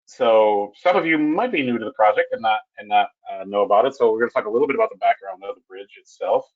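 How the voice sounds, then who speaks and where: A low-pitched man presents a technical webinar, stopping and restarting his sentences often. His voice comes through a computer mic on a web call. The audio is dull and lo-fi. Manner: halting, with frequent restarts and fillers. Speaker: webinar presenter, bridge project manager.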